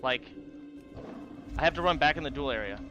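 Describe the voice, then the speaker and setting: A man's voice: medium pitch, expressive, fairly quick. A man streaming a game duel, muttering and swearing in frustration as he plays. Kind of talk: live gameplay commentary. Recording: game music behind voice. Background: game music.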